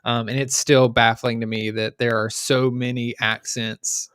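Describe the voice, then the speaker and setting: A man's voice: medium pitch, level tone, unhurried, fairly bright tone, clean tone, no room sound, clean studio sound. A man, co-hosting a casual podcast chat in an easygoing way, with loose sentences full of "like". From Louisiana, USA. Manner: easygoing, talks in loose run-on sentences with many "like"s. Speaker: podcast co-host.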